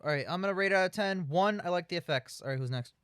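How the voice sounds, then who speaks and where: A man's voice: high-pitched, fast, a bit bright, clear, resonant tone, no room sound, clean studio sound. A man co-hosting a casual film review, sarcastic and nitpicking, swearing freely. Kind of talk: casual riffing commentary.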